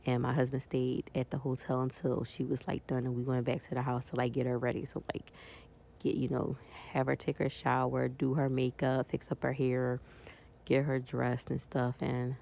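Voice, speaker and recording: A woman talks her viewers through her weekend as she decorates a planner, in a relaxed, friendly, chatty way. Her voice is warm and mellow, with a gravelly fry under it. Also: rumbling low, normal speed. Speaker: planner vlogger. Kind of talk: casual chat while decorating a planner.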